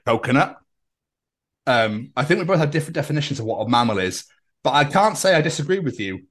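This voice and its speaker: A man co-hosting a casual podcast, reading out posts in a sarcastic, sweary, deadpan way. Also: a little high, brisk, pauses often. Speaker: podcast co-host.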